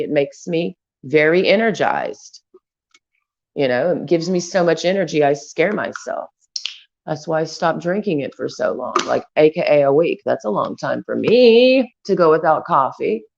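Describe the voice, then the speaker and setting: Woman vlogger, low-pitched, blunt and foul-mouthed, rambling rant, dull lo-fi sound. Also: lively intonation, unhurried, vocal fry, darkish tone, slight background noise. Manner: crude, profane, blunt. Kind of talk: rambling stream-of-consciousness rant. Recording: dull lo-fi recording.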